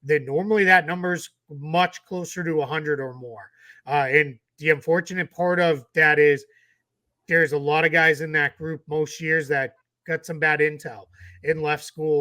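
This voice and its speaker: A man's voice: on the high side, pushed and bright. A tired man with a Boston accent, co-hosting a casual sports podcast and rambling through his points. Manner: chatty, rambling with restarts. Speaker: co-host.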